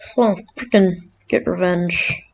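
A woman's voice: lowish voice, unhurried, creaky, slight background noise. A woman commentating her gameplay, blurting out short cries and angry rants. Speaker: gamer.

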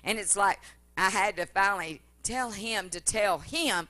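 A woman preaching a fervent revival-style sermon at a church service, building to loud, emphatic declarations. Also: medium pitch, a little slow.

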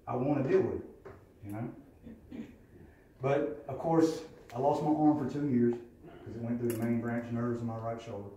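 A man tells his story at a recovery meeting, blunt and profane. His voice is dark and mellow, caught from a distance in a very echoey room with a faint murmur behind. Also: mid-range voice, a little hiss or hum. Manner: candid, profane, plainspoken storytelling. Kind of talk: personal testimony.

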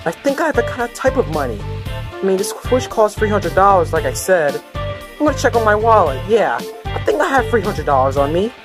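A woman's voice: mid-range voice, sing-song, a little fast, music in the background, pitched below the performer's own voice, lightly acted. A woman voicing a panicky, melodramatic young male Koopa who whines and stammers in a puppet comedy skit. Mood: distraught.

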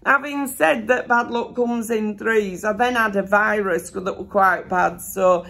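A woman with a Yorkshire accent chatting casually through a haul vlog, with a sore throat that leaves her voice a bit rough and her breath slightly short, rambling homely with lots of fillers. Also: medium pitch, a little slow, hardly any pauses, a bit bright. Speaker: haul vlogger. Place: seated indoors.

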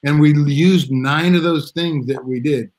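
A man's voice: a little high, fairly even intonation, unhurried, darkish tone, low-quality recording. A middle-aged man telling a story in a casual live video chat, rambling with restarts and acting out quotes. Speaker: drummer guest. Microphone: video call.

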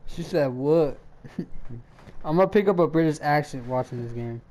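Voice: medium pitch, unhurried, dark tone. A gaming streamer giving casual commentary, sarcastic, laughing often and swearing.

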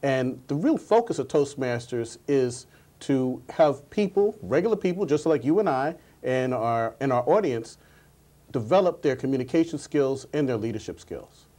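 A man's voice: mid-range voice, animated, normal speed, mellow. A man who coaches public speaking, a guest on a TV talk show, telling stories earnestly and often repeating his words. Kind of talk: interview answers.

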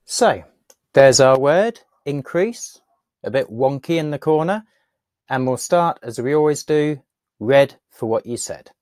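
A woman's voice: rumbling low, animated, measured pace, a little mellow, no room sound, studio quality. A woman teaching a word in a patient, playful tutorial, repeating it often for learners. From England. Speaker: speech and language teacher.

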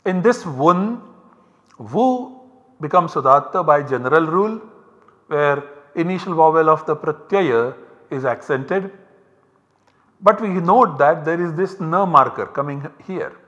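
A man giving a university lecture, explaining step by step in a slow, methodical way. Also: fairly high pitch, expressive, a bit bright, big-room sound, highs cut off.

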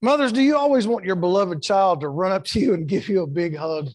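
Middle-aged male pastor, high-pitched, emphatic sermon delivery, dry close mic. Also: fairly quick, no room sound. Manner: emphatic preaching with acted-out quotes and repetitions. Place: church sanctuary.

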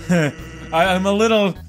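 A man's voice: sits high, a bit bright. A man giving casual, jumpy let's-play commentary, yelping and swearing as he plays. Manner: jumpy and swearing, frequent yelps and laughs.

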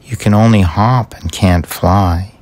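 A man voicing a kind, cheerful female hedgehog in a storybook reading, raising his voice and pitch for her. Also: measured pace, darkish tone, close to an everyday voice. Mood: friendly, eager. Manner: eager, friendly, raised pitch.

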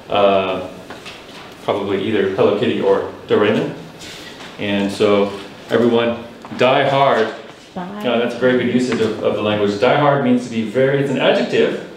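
In a big, echoey meeting room, a man of medium pitch offers live spoken feedback as the club's language evaluator. Patient and teacherly, he explains phrases and leads members in repeating words. A distant room mic catches him with slight background noise and heavy echo.

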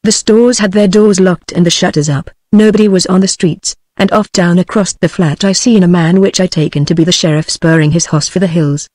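A woman's voice: fairly low pitch, brisk, hardly any pauses, no echo. Dry synthetic British woman narrating. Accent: British English. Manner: steady, even synthetic delivery. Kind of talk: text-to-speech audiobook reading.

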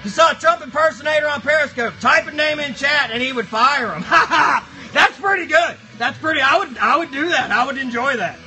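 A man's voice: very high voice, brisk, hardly any pauses, pushed and bright, soft background music, full character voice. A man voicing a rowdy, foul-mouthed cardboard box monster, bantering crudely with a live stream chat.

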